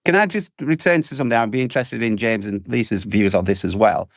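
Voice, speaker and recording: Animated man, dry close sound. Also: fairly low pitch, fast talker, no room sound. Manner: animated storyteller, acts out salespeople in exaggerated voices. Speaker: podcast panelist. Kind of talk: casual panel chat.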